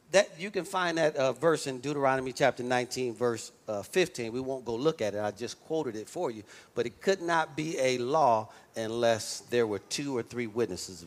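Man preaching with emphatic call-and-response. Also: medium pitch. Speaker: pastor. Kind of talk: sermon.

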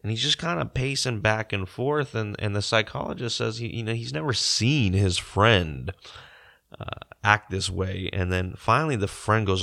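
A young man retelling a story to his listeners in casual talk, halting with many fillers and restarts. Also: on the low side, vocal fry, bright, forceful tone. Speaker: podcaster.

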